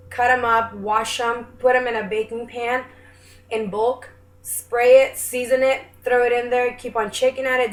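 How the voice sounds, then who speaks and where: Young woman, casual self-deprecating home cook; higher voice, recorded in a noisy kitchen. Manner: chatty, self-deprecating, apologetic asides. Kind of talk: casual cooking demonstration. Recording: echoey kitchen with background noise.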